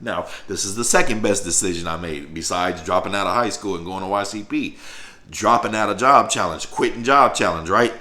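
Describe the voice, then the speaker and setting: A man spins a profane, animated tale from his youth, his tone bright and forceful. He keeps checking in with the listener as he talks, and his voice sits in a roomy, echoey space. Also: on the low side, brisk. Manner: profane, animated, fills with "you know what I'm saying". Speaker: storyteller vlogger. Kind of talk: casual storytelling. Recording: roomy echo.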